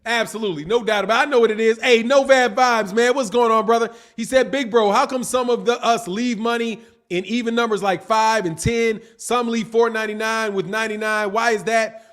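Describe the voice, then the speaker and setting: Reading his live chat aloud fairly quickly, this boxing channel host has a fairly high voice and runs a casual stream. He responds in a loose, slangy, animated manner, laughing often and speaking directly to his audience.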